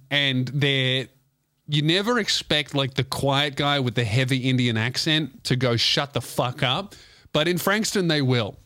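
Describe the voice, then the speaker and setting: A man's voice: mid-range voice, a bit bright, no echo, clean studio sound. Sweary man telling a story. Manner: rambling, profane, laughing at his own story. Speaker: podcast host. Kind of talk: comedic storytelling.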